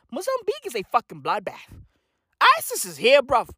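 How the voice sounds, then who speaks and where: A woman's voice: fairly high pitch, huge pitch swings, moderate pace, bright, forceful tone, breathy edge, no room sound, clean studio sound. A woman delivering a profane, rambling comedic rant, tagging her lines with slang asides. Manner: rambling, tags lines with "right?" and "bruv". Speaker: comic ranter.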